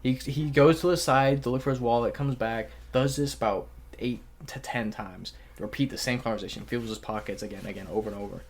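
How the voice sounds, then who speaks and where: A man's voice: medium pitch, fairly quick, hardly any pauses. A man hosting a podcast, telling a story in casual chat, full of slang and swearing, acting out the people he quotes. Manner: swearing, slangy, calls the listener bro. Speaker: podcast host.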